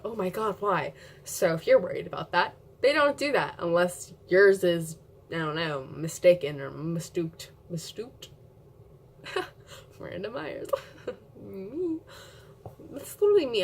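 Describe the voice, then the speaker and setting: Giggly, rambling young woman vlogger. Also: on the low side. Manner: giggly, chatty, rambling with many "like" fillers. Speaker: beauty vlogger. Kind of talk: casual rambling vlog.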